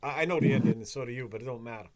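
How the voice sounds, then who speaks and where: Male podcast host, casual, profane, animated storyteller, ordinary pitch. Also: rapid-fire, heavy background noise. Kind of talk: casual chat.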